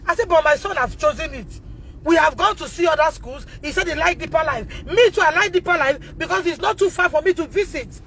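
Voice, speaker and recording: A Nigerian woman with a Nigerian English accent, speaking out on a phone livestream, emotional and repetitive, rising to shouts and tearful at times. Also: very high-pitched, a little fast, some chatter behind, a little hiss or hum, rough recording. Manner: emotional, repeats herself, rises to shouting. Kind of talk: impassioned livestream testimony.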